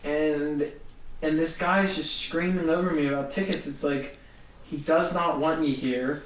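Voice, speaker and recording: A young man, a guest comedian, telling a story in a casual, animated way and acting out the people in it. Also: fairly high pitch, unhurried, distant mic. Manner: animated, acts out other people's voices. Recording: roomy echo, a bit off-mic, faint hiss.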